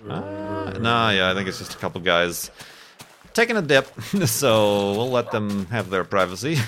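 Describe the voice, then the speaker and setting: A man's voice: fairly low pitch, fairly bright tone, slight background noise. A man in his thirties chatting casually over gameplay, rambling and self-deprecating, laughing often between thoughts. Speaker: gaming YouTuber.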